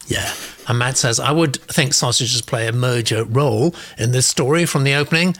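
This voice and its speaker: A man's voice: medium pitch, normal speed, a bit bright. A man hosting a live stream, chatty, reading out viewer comments with asides. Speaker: host.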